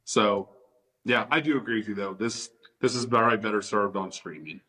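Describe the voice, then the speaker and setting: Bright, eager man reviewing films. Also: on the low side, brisk. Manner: enthusiastic, animated, leans on "like". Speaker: podcast co-host. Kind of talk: casual movie review chat.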